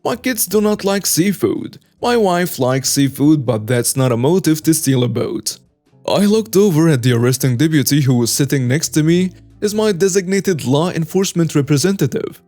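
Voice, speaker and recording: A man reading online stories aloud as the regular narrator of a story channel, in a steady scripted voice. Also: on the high side, normal speed, soft background music.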